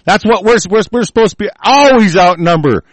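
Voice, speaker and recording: Furious swearing man, higher voice. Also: lively intonation, brisk, dry recording. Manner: swearing heavily, combative, breaks off and restarts. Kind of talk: angry profane monologue rant.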